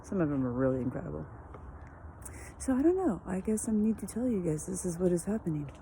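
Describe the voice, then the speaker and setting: A woman's voice: fairly low pitch, sing-song, a little fast, creaky, dark tone, slight background noise. A woman vlogging in a meandering, spiritual, musing way full of fillers, recorded on a phone. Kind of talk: rambling casual vlog.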